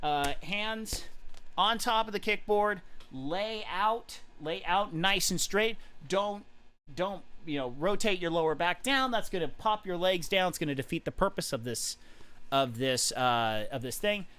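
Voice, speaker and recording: A man's voice: sits high, animated, a little slow, a bit bright, clean tone. A man giving a casual swim technique lesson, explaining drills and counting out kick beats as he demonstrates. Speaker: swim coach. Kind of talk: casual coaching walkthrough.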